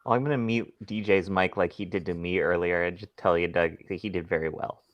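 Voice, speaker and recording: A man's voice: low voice, steady tone, brisk, dry recording. A man co-hosting a fantasy football podcast, teasing his friends and giving firm opinions on players. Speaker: podcast co-host. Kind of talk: casual fantasy football chat. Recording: dry, muffled lo-fi mic.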